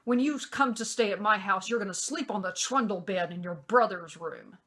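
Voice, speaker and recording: A woman quoting her ex-husband as a curt, cold father, scolding in a louder voice. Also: mid-range voice, moderate pace, close to an everyday voice. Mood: harsh.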